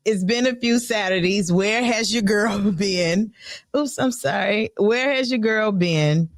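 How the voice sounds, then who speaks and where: A woman's voice: medium pitch, a little slow, dry recording, studio quality. A woman hosting a live radio talk show, chatty and playful, with a bubbly, upbeat way of talking. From Chicago. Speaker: radio host.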